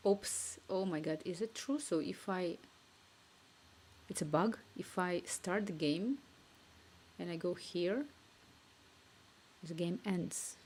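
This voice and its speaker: A woman streaming herself coding, thinking aloud and dictating requests haltingly into a cheap microphone at home. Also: lowish voice, darkish tone, a little hiss or hum.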